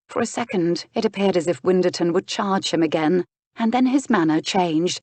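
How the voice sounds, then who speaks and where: A woman narrating an audiobook with even, steady storytelling. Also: fairly low pitch, normal speed, dry recording. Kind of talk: scripted narration.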